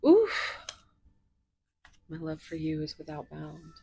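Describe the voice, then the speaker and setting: A woman's voice: sits low, big pitch swings, takes it slowly, gravelly, darkish tone, slight background noise. A woman reading tarot cards to her viewers, gushing and emotional, often dropping into whispers, and teary. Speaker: tarot reader.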